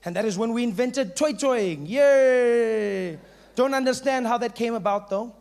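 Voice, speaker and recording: A man's voice: extremely high pitch, fairly quick. A South African man doing stand-up, telling stories with punchy asides. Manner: animated storytelling with punchy asides. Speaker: stand-up comedian. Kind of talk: stand-up comedy.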